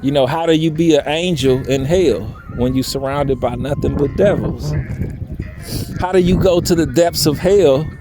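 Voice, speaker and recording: A man's voice: a little high, normal speed, background noise. A young man talking candidly in a personal vlog outdoors, earnest and pleading, his voice unsteady from crying. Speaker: vlogger. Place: outdoors by a railroad bridge.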